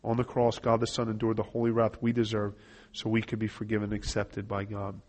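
A man's voice: lowish voice, completely flat delivery, a little fast, a little mellow. Earnest man explaining a gospel tract. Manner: earnest, reads scripture aloud and explains step by step. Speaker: evangelism trainer. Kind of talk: instructional talk walking through a gospel tract.

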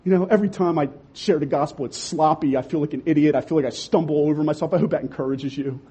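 A young man preaching a sermon, impassioned, swinging from loud urging to quiet emphasis. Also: fairly high pitch, fairly even intonation, fast, breathy edge.

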